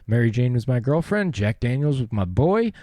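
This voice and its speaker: A man's voice: mid-range voice, big pitch swings, normal speed, warm tone, dry recording. A young man hosting a podcast, telling his personal story in a rambling, profane and earnest way. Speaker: podcast host.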